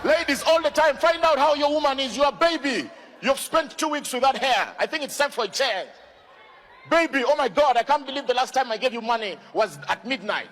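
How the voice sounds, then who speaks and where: A man doing a stand-up routine, calling out loudly to the crowd. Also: very high voice, animated, fairly quick, long reverb tail. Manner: loud, calls out to the crowd. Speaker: stand-up comedian. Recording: noisy live stage recording.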